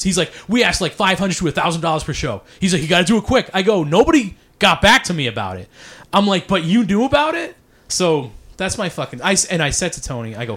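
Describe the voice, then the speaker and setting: A man's voice: high voice, sing-song, brisk, a bit bright. A man telling a rambling, profanity-heavy story in casual podcast chat, apologizing for ranting.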